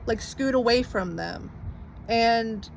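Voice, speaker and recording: A woman's voice: fairly high pitch, takes it slowly, gravelly, a little hiss or hum. A young woman casually recounting a personal story to camera, rambling with lots of "like" and some swearing. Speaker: vlogger telling her story.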